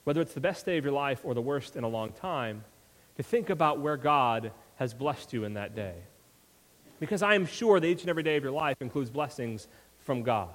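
A man's voice: medium pitch, lively intonation, fairly quick. Preaching man in an echoing sanctuary. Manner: builds emphasis with repeated rhetorical questions. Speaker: pastor. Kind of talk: sermon. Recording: long reverb from a hall.

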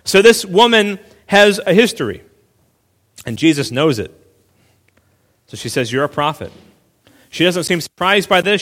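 A male pastor preaching a sermon in a relaxed, conversational way, full of asides and quick restarts. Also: high-pitched, big-room sound.

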